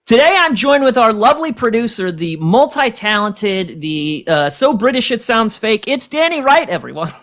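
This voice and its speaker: A man's voice: very high voice, very animated, moderate pace, hardly any pauses, a bit bright. A man hosting a comedy podcast, joking and rambling in a self-mocking way. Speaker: podcast host. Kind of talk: casual comedic podcast chat.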